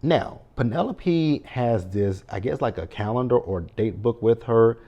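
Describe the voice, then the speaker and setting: A man's voice: mid-range voice, lively intonation, measured pace, dark tone, muffled recording. A man giving a casual, blunt, profane recap of a TV episode and talking back to the characters as he goes. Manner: blunt, profane running commentary. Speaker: TV show recapper.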